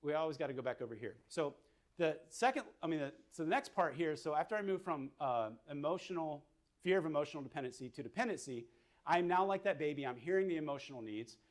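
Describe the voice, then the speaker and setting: Fairly high-voiced male counselor, relaxed lecture style, talks through ideas as he sketches. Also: fast talker. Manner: casual, thinking aloud with fillers. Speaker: mental health counselor. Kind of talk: whiteboard lecture.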